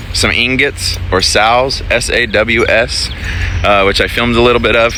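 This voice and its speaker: A man's voice: medium pitch, background noise. A man talking casually to the camera as a trucking vlogger while walking his dog outdoors at a truck stop, rambling and correcting himself as he goes. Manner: rambling, easygoing, self-correcting. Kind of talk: casual vlog talk.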